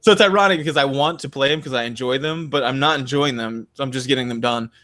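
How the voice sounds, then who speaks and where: A man's voice: mid-range voice, fast talker, bright, forceful tone. A young man from Mississippi, a podcast host, chatting casually and acting out the voices in his stories. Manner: rambling storyteller, acts out quotes. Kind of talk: casual chat.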